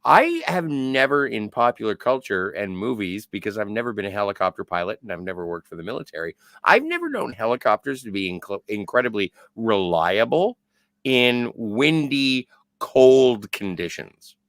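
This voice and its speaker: A man's voice: fairly low pitch, sing-song, moderate pace, fairly bright tone, dry recording. A man co-hosting a podcast, chiming in with jokey asides during casual movie chat. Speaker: podcast co-host.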